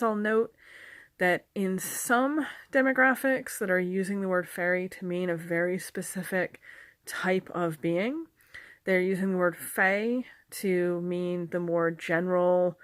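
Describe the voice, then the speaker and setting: Speaking to camera in a small indoor room, a female folklore lecturer explains things casually, chatting with frequent ums, self-corrections and dry humor. Her voice is lowish. The camera-mic recording has no echo.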